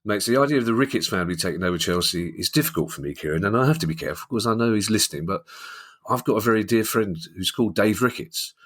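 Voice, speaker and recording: A man's voice: fairly low pitch, lively intonation, fast talker. A man with a London accent co-hosting a podcast, telling jokey stories and laughing often. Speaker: podcast co-host. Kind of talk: casual chat.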